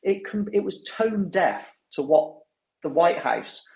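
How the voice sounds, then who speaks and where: A man hosting a casual podcast chat, talking in an animated way and acting out what others said. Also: on the high side, slow pace, creaky, reverberant. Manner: animated, mimics others in quotes. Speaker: newsletter host.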